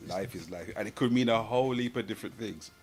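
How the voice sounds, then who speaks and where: A man's voice: lowish voice, fast. A man co-hosting a podcast in casual chat, laid-back and often laughing. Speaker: podcast co-host.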